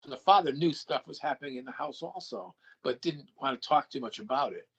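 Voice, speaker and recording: A man's voice: mid-range voice, brisk, breathy edge, dull audio. An older man, a guest, telling a personal anecdote and acting out the dialogue he quotes. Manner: animated storyteller who acts out quoted dialogue.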